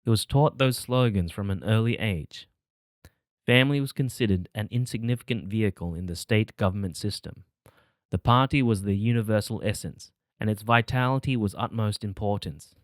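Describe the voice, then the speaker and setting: A male audiobook narrator with a lowish voice reads in a measured, steady way. The recording is close and dry, with no room sound. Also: dry recording.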